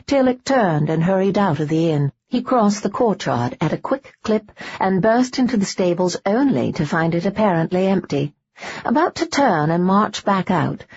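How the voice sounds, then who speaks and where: A woman narrating a historical romance audiobook in a measured, steady way. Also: lowish voice, breathy edge, no room sound, dull audio.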